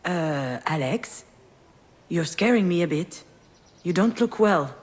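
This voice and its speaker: A woman's voice: lowish voice, lively intonation, slow pace, slightly rough, exaggerated voice. A woman voicing a wry, anxious middle-aged woman in a video game, speaking earnestly and with feeling. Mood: worried. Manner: earnest, emotional storytelling.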